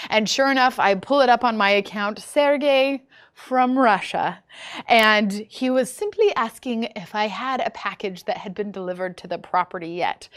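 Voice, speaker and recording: A woman teaching a hosting lesson in a casual, animated storytelling way, chatty and full of fillers and restarts. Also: a little high. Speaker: instructor teaching short-term rental hosting.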